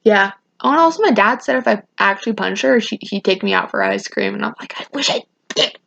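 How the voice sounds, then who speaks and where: A woman's voice: medium pitch, lively intonation, fast talker, gravelly, fairly bright tone, dull audio. A teenage girl vlogging a casual storytime rant, rambling with many restarts and acting out what people said. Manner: rambling, restarts often, quotes people in raised voices.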